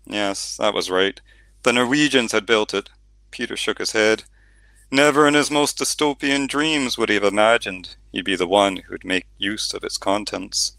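A man narrating an audiobook in steady storytelling, with the odd reading slip. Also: lowish voice, normal speed, gravelly, dry recording. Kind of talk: scripted narration.

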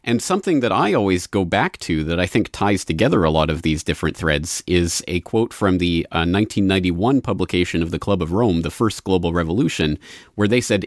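A man hosting an interview, speaking in an articulate, measured and analytical way. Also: low-pitched, animated, no echo, studio quality. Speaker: host. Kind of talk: interview discussion.

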